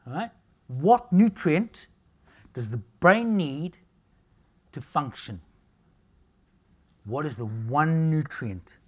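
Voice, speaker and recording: A middle-aged man, giving a cheeky, joking lecture on nutrition to a live audience. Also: on the high side. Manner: cheeky, jokey, animated storytelling.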